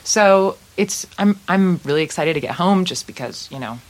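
Low-voiced woman chatting about touring. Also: moderate pace. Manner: relaxed, adds to partner's stories. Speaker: touring musician guest. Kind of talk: casual interview chat.

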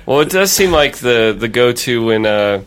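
A man's voice: medium pitch, lively intonation, moderate pace, fairly bright tone, clear, resonant tone. Man, US, podcast co-host, wry, curious, stammers a little, casual chat. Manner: inquisitive, wry, stammering starts.

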